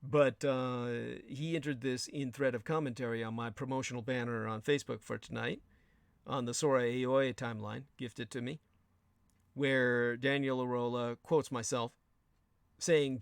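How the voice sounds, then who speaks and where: A man's voice: mid-range voice, steady tone, normal speed, creaky, smooth, dry recording, studio quality. A man hosting a show, delivering an emphatic, sardonic political commentary monologue with crude asides. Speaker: show host.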